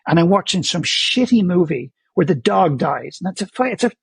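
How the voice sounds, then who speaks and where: A man's voice: high-pitched, animated, a little fast, gravelly, husky, no room sound. A man who is a guest on an interview show, talking candidly in a blunt, emphatic way and often stammering as he restarts his sentences. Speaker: guest, author and speaker.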